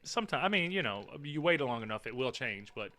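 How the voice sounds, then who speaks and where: A man's voice: medium pitch, big pitch swings, fairly quick, sharp tone. A man chatting casually with his viewers on a live stream, rambling, swearing and teasing, often laughing.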